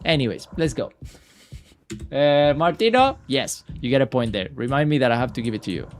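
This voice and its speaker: A man streaming a video game live, reacting excitably and swearing at what happens on screen. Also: mid-range voice, fairly quick, a little hiss or hum. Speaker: gaming streamer. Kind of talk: live gameplay commentary.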